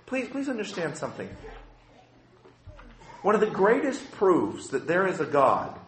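A man preaching a sermon as a pastor, impassioned and shifting between quiet and loud passages. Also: high voice, wildly swooping pitch, measured pace, echoey room.

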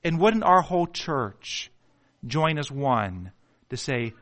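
A man preaching a sermon with passion, swinging from hushed pleading to near shouting and stumbling over words when worked up. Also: medium pitch, big pitch swings, takes it slowly. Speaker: pastor.

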